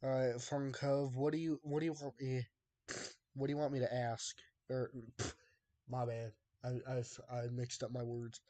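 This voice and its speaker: A man's voice: mid-range voice, flat delivery, normal speed, dark tone. A young man chatting casually with his live-stream viewers, drawling and exasperated as he bounces jokes off the chat. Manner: drawling, exasperated banter with chat, laughs often.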